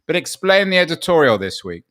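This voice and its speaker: A man co-hosts a casual discussion in a voice pitched a little high for a man. He steers the talk with probing, wry questions. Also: very animated, brisk, fairly bright tone. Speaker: podcast co-host.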